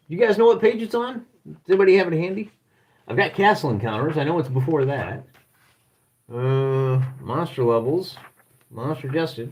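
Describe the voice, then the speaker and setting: A Michigan livestream host with a Midwestern accent and a higher-pitched voice flips through a rulebook, thinking aloud as he searches the pages. He rambles and jokes at his own expense, with slight background noise present.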